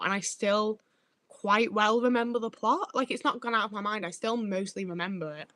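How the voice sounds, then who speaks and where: With no echo in the recording, a young northern English woman chats casually on her livestream, reading out comments bluntly and swearing freely. She speaks in a mid-range, fairly bright voice.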